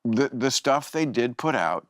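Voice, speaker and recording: A man's voice: medium pitch, expressive, measured pace, a bit bright, no echo, clean studio sound. An older man hosting a casual chat, wry and blunt, with frequent swearing. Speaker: host.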